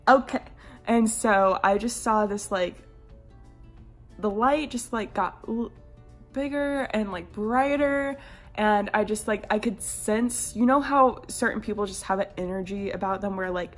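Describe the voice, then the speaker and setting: A young woman in her twenties telling a birth storytime on her vlog in a casual, chatty way, full of "like" fillers and lively quoted voices. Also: mid-range voice, measured pace, faint music behind. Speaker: vlogger.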